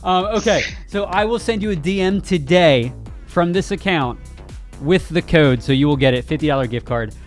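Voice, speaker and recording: Give me a joking male stream host with a slightly high voice. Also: lively intonation, moderate pace, soft background music. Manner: joking, talks straight to chat, laughs often. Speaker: host of a gaming news stream. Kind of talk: casual live-stream chat.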